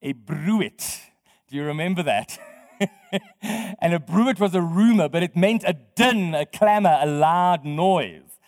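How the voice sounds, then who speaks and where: A man with a high voice delivers a sermon, chatting with his congregation, putting questions to them and laughing often. His voice rings with a long reverb, as though he is speaking in a large church hall. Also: a little slow, darkish tone. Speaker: pastor.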